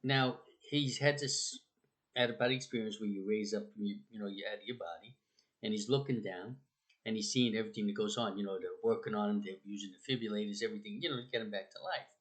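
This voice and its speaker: A man's voice: fast, fairly bright tone. A man telling stories in a casual, rambling way, with many fillers and restarts, raising his voice when he acts out quotes. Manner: acts out quotes with raised pitch. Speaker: speaker on the afterlife. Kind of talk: casual storytelling talk.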